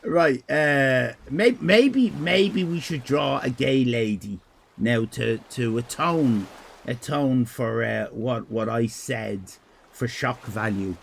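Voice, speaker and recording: A man's voice: medium pitch, slow pace, creaky, a little hiss or hum. A man with an Irish accent chatting casually on a live stream while drawing. He talks in a crude, rambling, irreverent way and reads out comments from chat. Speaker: livestreamer.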